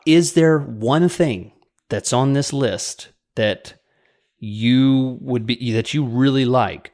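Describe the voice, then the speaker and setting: A man's voice: mid-range voice, a little mellow. A man co-hosting a podcast in casual chat, chatty and joking with sarcastic asides. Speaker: podcast co-host.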